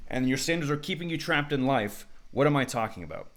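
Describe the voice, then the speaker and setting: A man's voice: mid-range voice, fast talker, hardly any pauses. Slangy, upbeat man talking to camera. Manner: energetic, slangy, acts out quoted people. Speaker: self-improvement vlogger. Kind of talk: unscripted talk to camera.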